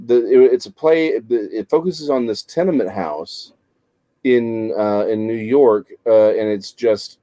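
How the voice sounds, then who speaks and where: Mellow-voiced man co-host, casual and halting. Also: medium pitch, no room sound. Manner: easygoing, halting while searching for words. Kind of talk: casual chat.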